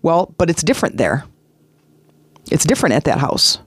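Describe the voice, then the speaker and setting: A woman's voice: sits low, big pitch swings, moderate pace, breathy edge, no room sound, studio quality. A middle-aged woman hosting a self-help podcast, talking in an earnest, conversational way that repeats points and slips into sing-song emphasis. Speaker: podcast host.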